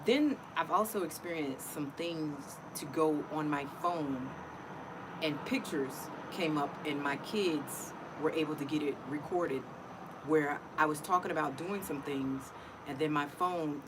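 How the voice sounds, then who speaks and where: A woman's voice: low-pitched, noisy background. A middle-aged woman talking casually and emotionally to her viewers in a personal vlog, often repeating herself. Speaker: vlogger.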